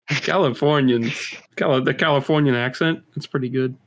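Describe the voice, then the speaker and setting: Offhand young man, slightly high voice. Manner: offhand, says "dude" a lot, chuckles. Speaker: podcast co-host. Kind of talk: casual podcast banter.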